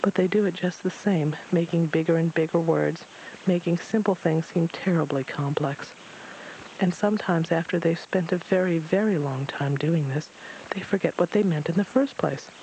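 A man's voice: a little high, moderate pace, a little mellow, slight background noise, close to an everyday voice, low-quality recording. A man voicing a world-weary stranger with a cane who sighs as he speaks, in a storybook reading. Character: weary old male stranger with a cane, sighing.

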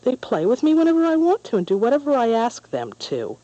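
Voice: medium pitch, wildly swooping pitch, quick pace, dark tone, dull audio, voice pushed up. A storyteller voicing a lonely young merchild boy who pleads and stammers, from a storybook. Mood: stammering.

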